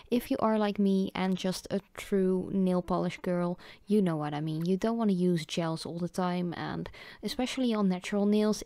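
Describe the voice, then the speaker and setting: A young woman with a mellow, warm tone narrates a nail art tutorial in a chatty, casual way. She is a native Dutch speaker and speaks English, dropping in "like" and "um" often and correcting herself now and then. The recording is dry and close. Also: mid-range voice, no room sound. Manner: chatty, fillers like "like" and "um", self-correcting.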